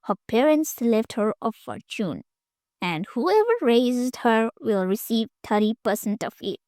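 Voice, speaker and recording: A woman voicing a greedy, scheming grandmother in her seventies who talks slowly and coldly in a scoffing way, in an audiobook story. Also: a little high, sing-song, darkish tone, no echo, clean studio sound. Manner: slow, cold and scoffing.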